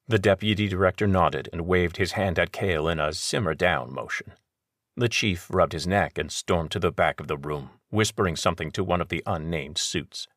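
A man narrating an audiobook in a steady, measured storytelling voice. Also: deep voice, no room sound, clean studio sound.

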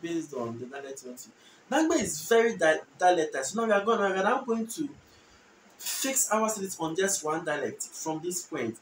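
A man giving a casual language lesson, repeating short phrases slowly so learners can follow. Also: high-pitched, animated. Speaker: language teacher. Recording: echoey room, distant mic, faint noise.

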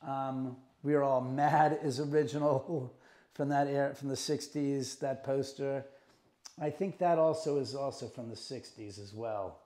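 Speaking a bit slowly at a medium pitch, a middle-aged homeowner gives visitors a tour of one of his rooms. He recounts run-ins with ghosts in a relaxed, storytelling way, bringing the quotes to life by acting them out.

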